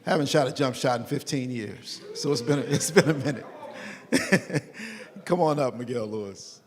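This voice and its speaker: A man's voice: medium pitch, moderate pace. A man hosting a community forum, joking informally with the candidates as he calls them up. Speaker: forum host. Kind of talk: casual emcee banter. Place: large meeting hall. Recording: distant, long hall reverb, faint noise.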